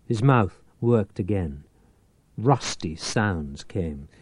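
A man reading a novel aloud as an audiobook narrator, with a measured, theatrical delivery. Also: fairly low pitch, expressive, darkish tone, breathy edge, dry recording.

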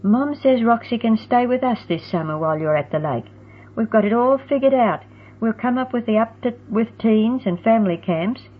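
A woman voicing an eager, bubbly teenage girl who talks in an excited rush. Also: on the high side, moderate pace, slightly rough, voice pushed up. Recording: tinny phone-like sound.

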